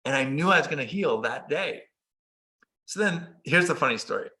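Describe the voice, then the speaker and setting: A man telling personal stories as a guest in a casual conversation, earnest and animated. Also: fairly high pitch, normal speed. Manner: earnest, animated, acts out quoted dialogue. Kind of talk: conversational storytelling.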